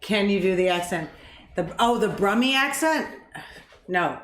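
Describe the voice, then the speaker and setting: A middle-aged woman talks casually while she cooks, rambling off on tangents and swearing freely. Her voice sits at a middle pitch. The sound comes from an echoey kitchen with noise behind. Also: animated, a little slow, a bit bright. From Canada. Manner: chatty, swearing, rambling asides. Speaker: cooking show co-host. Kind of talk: casual cooking chat.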